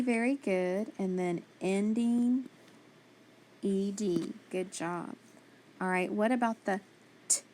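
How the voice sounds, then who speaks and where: A woman's voice: medium pitch, warm tone. A woman teaching a phonics spelling lesson, patiently sounding out letters and praising each answer.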